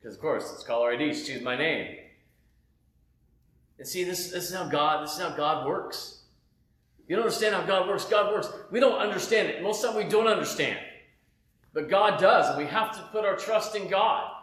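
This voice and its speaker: A man preaching a personal testimony in a casual, animated way, tossing in "man" and "right?" between his points. His voice sits a bit high for a man. The room is roomy and echoey, as if he is speaking at home. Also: normal speed. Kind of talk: sermon testimony.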